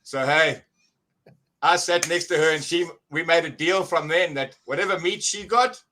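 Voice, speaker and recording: Excited man, bright voice. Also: on the high side, low-quality recording. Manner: excited, halting, full of restarts. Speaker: guest church member. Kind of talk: casual testimony.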